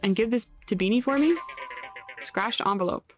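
A woman's voice: mid-range voice, expressive, moderate pace, faint music behind, lightly acted. A woman voicing a friendly, chatty man who runs a bus depot, reading his lines in a folksy, easygoing way. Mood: asking a favor. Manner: folksy, easygoing, read aloud from game text.

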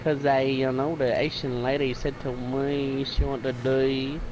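A man's voice: medium pitch, little pitch movement, measured pace. Brief: male gamer friend, put-on Australian accent, crude offhand banter, game noise behind. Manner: crude, lazy banter, mock Australian slang.

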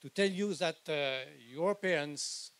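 A slow-speaking older man with a French accent, French being his first language. He delivers an outdoor rally speech in halting, filler-heavy phrases, his voice sitting a little high for a man. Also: a bit bright, dry recording. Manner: hesitant, halting with many fillers.

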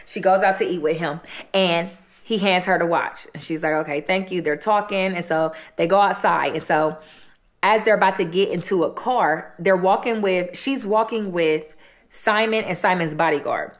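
A woman's voice: on the low side, normal speed. A woman hosting an eating show, retelling a true-crime story in a casual, colloquial way with repeated phrases. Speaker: host.

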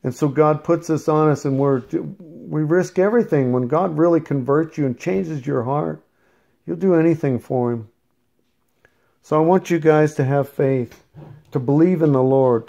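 A man with a slightly high voice preaches to his listeners in an informal, rambling way. He speaks earnestly and wanders off into asides and stories. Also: vocal fry, a little mellow, dull audio. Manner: storytelling. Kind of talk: informal sermon.

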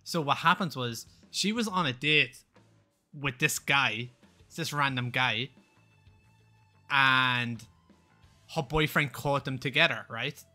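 A young man, telling a rambling story in casual chat as a game streamer, animated and swearing freely. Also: medium pitch, takes it slowly, pauses often, soft background music. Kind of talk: casual storytelling while gaming.

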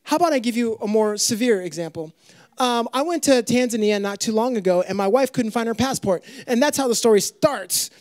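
Animated joking male preacher. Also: very high voice, fairly quick, no echo. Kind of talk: sermon to young adults.

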